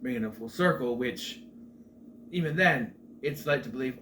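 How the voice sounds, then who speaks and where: A man's voice: medium pitch, animated, unhurried, long pauses. A middle-aged man casually recapping a film as a show host, rambling with chatty asides and restarts. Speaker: movie review host. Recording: faint background noise.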